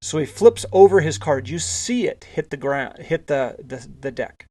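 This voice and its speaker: A man's voice: fairly high pitch, expressive, normal speed, a little mellow. A male podcast host telling a casual anecdote, rambling with frequent restarts and repeated words. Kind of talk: casual storytelling.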